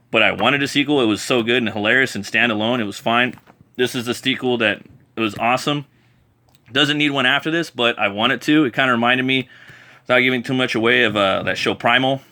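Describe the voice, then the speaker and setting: A man's voice: medium pitch, fairly quick, bright, forceful tone. A man casually reviewing comic books, rambling enthusiastically with many fillers and restarts.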